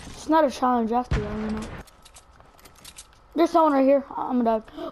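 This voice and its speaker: Moderately paced and set against slight background noise, this woman's high voice keeps up a lively running commentary on her game. She talks straight to viewers and bursts out loudly at each find or threat.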